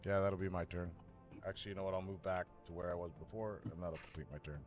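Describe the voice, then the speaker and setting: Very deep-voiced, fast-talking male player. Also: fairly even intonation, a little mellow, soft background music. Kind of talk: casual game talk.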